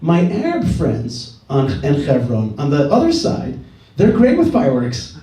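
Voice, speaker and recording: A man's voice: a little high, wildly swooping pitch, unhurried, dark tone, recorded from a distance. A middle-aged man giving an earnest talk at a gathering, telling a story and repeating his key phrases. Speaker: speaker at a dialogue gathering. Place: indoor event hall. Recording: roomy hall, speaker away from mic.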